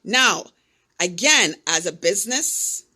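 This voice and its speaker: A woman hosting a podcast, telling a personal story in an animated way and speaking straight to her listeners. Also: mid-range voice, slow pace, breathy edge. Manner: animated, acts out the voices in her stories. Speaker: podcast host. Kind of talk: personal storytelling, coaching talk.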